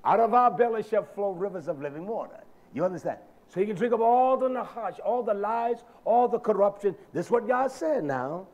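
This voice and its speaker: A male preacher giving a sermon in a dramatic, colloquial manner, swinging from shouted lines to low murmurs. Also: expressive, normal speed, hardly any pauses.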